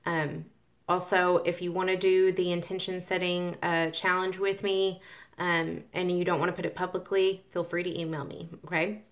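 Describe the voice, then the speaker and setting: A woman talks casually to camera as a spiritual vlogger about manifestation, rambling with lots of ums and restarts. She acts out the grumbling complaints of tired workers. Her voice is lowish and fairly flat in pitch, and her pace is moderate.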